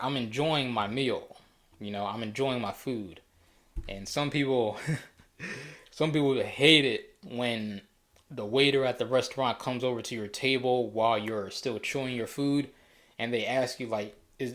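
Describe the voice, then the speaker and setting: A man hosting a casual solo talk show, rambling easily with frequent restarts and fillers. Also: mid-range voice. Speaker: podcast host.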